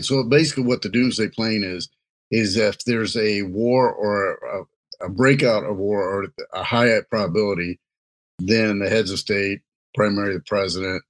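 A man co-hosting a casual chat, laid-back and rambling, joking between points. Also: fairly low pitch. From Louisiana. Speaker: co-host. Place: Nebraska.

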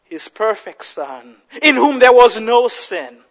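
A man preaching a sermon with passion, rising to shouts and dropping to hushed, quiet lines. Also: very high voice, big pitch swings, takes it slowly. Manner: impassioned preaching, swinging from shouts to hushed tones. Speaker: pastor.

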